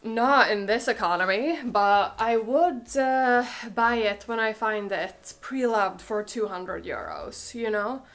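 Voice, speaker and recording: A woman's voice: on the high side, lively intonation, slow, hardly any pauses, fairly bright tone, faint music behind. A young woman with a cold, chatting casually and gushing through a clothing try-on, full of "like" and "oh my god". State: has a cold, a bit out of breath. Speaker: fashion vlogger.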